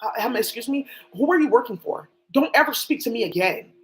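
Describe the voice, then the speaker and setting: A woman chatting by herself on a livestream jumps between subjects, rambling and swearing as she goes. Her fairly high voice is expressive and fairly quick, captured in a low-quality recording.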